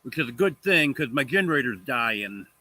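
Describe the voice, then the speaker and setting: A man's voice: medium pitch, very animated, normal speed, sharp tone. A man chatting as a guest on a livestream, answering in short, matter-of-fact replies. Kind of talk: casual chat.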